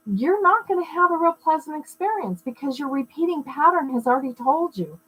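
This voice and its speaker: A woman's voice: high voice, animated, brisk, few pauses, fairly bright tone, rough recording. Middle-aged woman teaching conversationally. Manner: conversational, explains with personal anecdotes and asides; greets viewers mid-talk. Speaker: spiritual wellness teacher. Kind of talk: live-streamed teaching talk.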